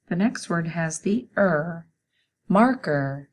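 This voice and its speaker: A woman teacher leads a children's spelling lesson, sounding out each letter one at a time. Her voice sits a little low, and she talks very slowly and patiently. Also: animated, husky.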